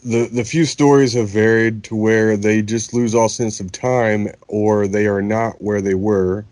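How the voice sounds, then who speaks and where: A man with a lowish voice who explains things earnestly in a casual podcast chat, often restarting his sentences as he goes. The sound is dry and close, with no room echo. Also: fairly even intonation, unhurried, a little mellow. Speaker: podcast co-host.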